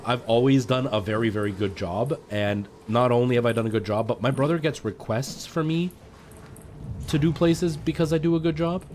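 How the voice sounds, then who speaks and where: A man on a live stream, venting in an exasperated, ranting way while talking straight to his viewers. His voice sits at an ordinary middle pitch and comes through a headset mic, with a faint hiss underneath. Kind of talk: casual live-stream chat.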